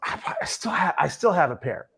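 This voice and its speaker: A man's voice: a little high, sing-song, moderate pace, creaky, fairly bright tone, husky, whispered. A man hosting a podcast, telling stories loosely and chattily, often asking "right?". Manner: loose, chatty, frequent "right?" and "you know". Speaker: podcast host. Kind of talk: casual podcast storytelling.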